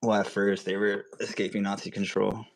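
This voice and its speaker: Low-voiced joking young man. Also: little pitch movement, a little fast, gravelly, no room sound. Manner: joking, teasing, repeats catchphrases. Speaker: guest co-streamer. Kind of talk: casual chat.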